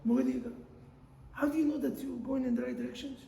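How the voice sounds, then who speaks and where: A man, a rabbi telling animated stories in a sermon, mixing Hebrew phrases into his English. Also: very high voice, racing, gravelly, slight background noise. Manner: animated storyteller, mixes Hebrew into non-native English. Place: synagogue hall. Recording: echoey hall, roomy sound.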